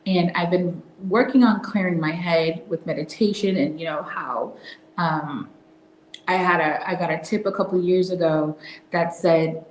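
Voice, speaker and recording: A woman hosting a casual devotional talk, soft-spoken and reflective, now and then dropping into a whisper. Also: lowish voice, measured pace, reverberant, slight background noise, low-quality recording. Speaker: host.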